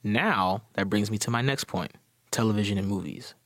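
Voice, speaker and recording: A man's voice: on the low side, normal speed, no echo, studio quality. A man presenting a prepared, confident commentary for a media program and signing off. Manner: confident, with scripted sign-off.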